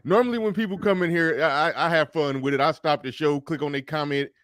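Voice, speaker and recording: A man hosting a live audio show, animated and fired up as he calls out trolls. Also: a little high, quick pace, no room sound, studio quality. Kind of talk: casual live audio chat.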